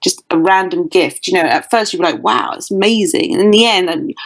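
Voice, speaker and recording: On a rough recording, a British dating coach with a fairly low voice talks a little fast as a guest on an interview podcast. She gives advice emphatically and without mincing words.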